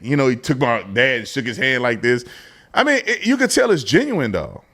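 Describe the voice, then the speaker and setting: A man hosting a casual reaction commentary, slangy and animated, breaking into mocking impressions. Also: on the high side, quick pace. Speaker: commentary channel host.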